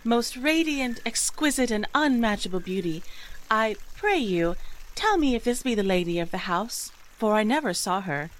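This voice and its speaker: A woman's voice: on the high side, animated, normal speed, close to an everyday voice, low-quality recording. A woman playing a flowery earnest young envoy. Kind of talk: Elizabethan stage acting.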